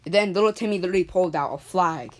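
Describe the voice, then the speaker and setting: A woman telling an improvised sci-fi story, rambling with many restarts, a cough, and frequent throat clearing. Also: on the low side, racing, a little hiss or hum.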